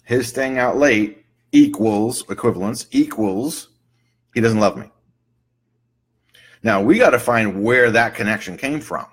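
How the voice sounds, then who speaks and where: A man's voice: mid-range voice, measured pace, hardly any pauses, slightly rough. A middle-aged man teaching a class in a conversational way, often checking in with "right?" and "okay?", and acting out short client quotes. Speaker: instructor teaching EFT and NLP. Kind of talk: casual recorded lecture.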